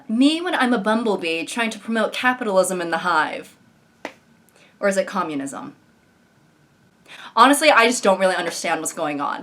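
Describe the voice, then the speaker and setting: A woman's voice: mid-range voice, expressive, normal speed, fairly bright tone. A young woman giving sarcastic comedic commentary on social media posts, mocking them and slipping into exaggerated voices. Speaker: commentary YouTuber.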